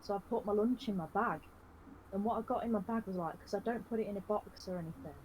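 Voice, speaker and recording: A woman, telling a rambling, deadpan comic story on a live game stream, full of fillers. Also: medium pitch, quick pace, a little hiss or hum, rough recording.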